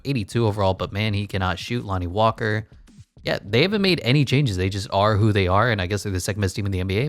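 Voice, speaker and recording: A gaming YouTuber plays a basketball management game, offering casual, blunt commentary packed with wry asides. His voice sits on the low side, and the recording is dry.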